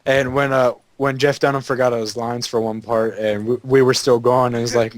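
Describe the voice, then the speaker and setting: A man's voice: medium pitch, level tone, normal speed, no echo. Young man, dry close voice, rambling. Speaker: podcast co-host. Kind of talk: casual podcast chat.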